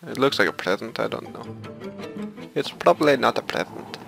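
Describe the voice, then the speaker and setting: Gravelly, sweary man narrating a game. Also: mid-range voice, animated, moderate pace, poor audio. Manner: sweary, exasperated, muttering to himself. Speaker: let's play host. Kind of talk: profane gaming commentary. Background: violin game music.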